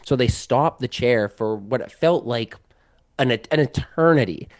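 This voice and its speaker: A man chatting as a podcast guest, spinning a long anecdote with a steady mid-range voice. He rambles, fills every gap with "like" and keeps restarting his sentences. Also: mid-range voice, unhurried. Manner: rambling, heavy use of "like", many restarts. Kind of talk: casual storytelling.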